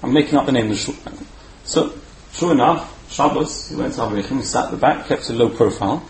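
A man giving a storytelling sermon as a Torah speaker, animated and repeating words for emphasis. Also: medium pitch, brisk, vocal fry. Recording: roomy echo, faint background hum.

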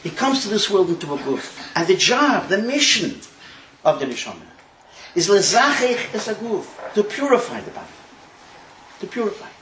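A man teaches a Talmud class, telling the story with lively swings in pitch. His voice sits high. The recording is echoey and has a faint hiss. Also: moderate pace. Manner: animated storytelling with Hebrew terms. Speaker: Torah teacher. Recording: echoey room.

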